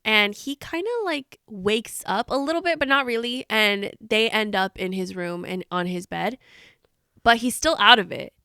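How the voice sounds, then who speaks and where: A young woman co-hosting a casual book podcast, recapping scenes and acting out quotes in hushed voices, laughing often. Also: medium pitch, moderate pace, clear, resonant tone, dry recording, studio quality. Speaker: podcast co-host.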